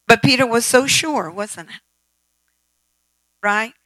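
High bright-voiced woman preacher. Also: slow, no room sound, low-quality recording. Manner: emphatic, calls for amen and asks the audience questions. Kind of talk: sermon.

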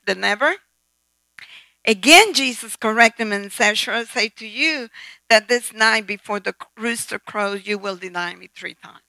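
A woman's voice: a little high, moderate pace, pushed and bright, no echo, rough recording. A woman preaching a sermon, emphatic and asking the audience questions. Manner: emphatic, calls for amen and asks the audience questions.

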